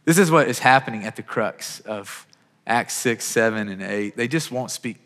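A man's voice: medium pitch, animated, normal speed, a bit bright. Earnest male pastor in a reverberant hall. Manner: earnest, repeats words when starting phrases, rising to urgent peaks. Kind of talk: sermon.

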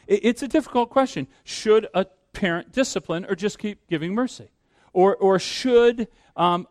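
High-voiced pastor preaching earnestly. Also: male voice, no room sound. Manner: earnest preaching, repeats words when pressing a point. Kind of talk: sermon.

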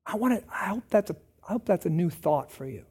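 Mellow-voiced man preaching conversationally. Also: expressive, quick pace, gravelly, slightly rough. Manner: conversational preaching, swinging from raised emphatic lines to low asides. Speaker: pastor. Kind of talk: sermon.

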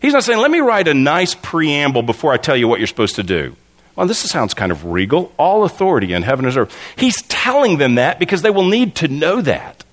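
A male pastor preaching in a lively, wide-ranging voice that sits a little high for a man. He tells stories animatedly, often stammering and restarting, and acts out the people in them. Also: brisk. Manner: animated storytelling, acts out voices in his anecdotes. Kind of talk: sermon.

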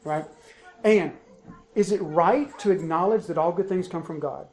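A man's voice: high voice, normal speed, a little mellow, a little hiss or hum. A man preaching an expository sermon, emphatic and driving home key points by repeating them. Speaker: pastor.

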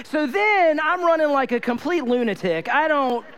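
A man's voice: extremely high pitch, animated, moderate pace, fairly bright tone. A male pastor preaching a sermon, telling stories animatedly and repeating phrases for emphasis.

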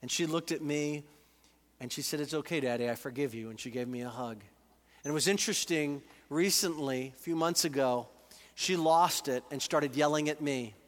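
A man's voice: fairly high pitch, a bit bright. A man in his forties, a pastor preaching a sermon in a church, earnest and conversational as he reads and explains scripture. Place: church sanctuary. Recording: reverberant church hall.

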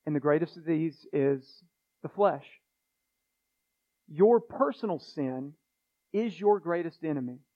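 A man's voice: a little high, animated, unhurried, pauses often, lo-fi sound. A man pastor preaching a sermon in an earnest way, repeating phrases and restarting himself as he presses his points.

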